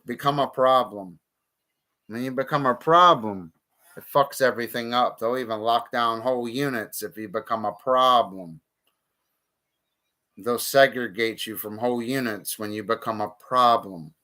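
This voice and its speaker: Man, live streamer, blunt and profane, bright forceful tone, smooth clear voice. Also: mid-range voice. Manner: blunt, profane, heated outbursts. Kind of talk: casual live-stream monologue.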